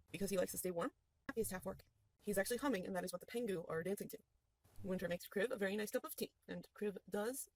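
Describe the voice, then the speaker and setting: A game master narrating a tabletop game session in an animated, storytelling manner. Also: medium pitch, dry recording, poor audio.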